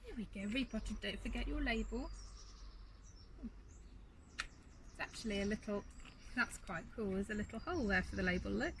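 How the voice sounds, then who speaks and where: A woman's voice: on the high side, expressive, quick pace, vocal fry, few pauses. A woman talking casually while repotting plants in a garden, giggling now and then and chatting to her dog between steps. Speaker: gardening vlogger. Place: garden outdoors. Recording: noisy outdoor recording.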